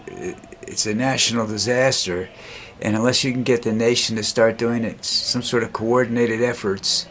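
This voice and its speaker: A man's voice: fairly low pitch, a bit bright, slight background noise. Rambling older man vlogging. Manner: rambling, halting, blunt. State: tires easily, dizzy after walking. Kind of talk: casual monologue.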